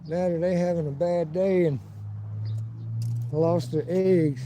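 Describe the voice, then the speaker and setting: A man with a slightly high voice, live-streaming from his phone as he walks outdoors. He rambles from story to story, swears freely, and acts out the people he talks about. Traffic and street noise are loud behind him. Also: steady tone, slow pace, low-quality recording. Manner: profane, rambling storyteller who acts out quotes. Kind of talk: casual live-stream vlog, walking outdoors. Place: outdoors by a river and town streets.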